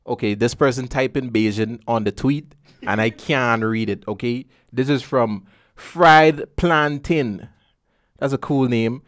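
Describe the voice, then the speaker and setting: A man's voice: mid-range voice, moderate pace, no echo, studio quality. Joking Caribbean man hosting a podcast. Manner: playful, joking, loose conversational delivery. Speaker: podcast host. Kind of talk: casual podcast chat.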